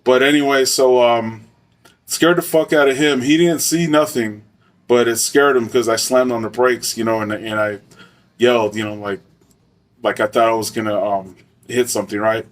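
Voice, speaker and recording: A man's voice: mid-range voice, fairly even intonation, normal speed, recorded from a distance. A man from Arizona telling a story in a loose, slangy, profane way with lots of fillers. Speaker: storyteller, former soldier. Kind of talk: casual spoken storytelling.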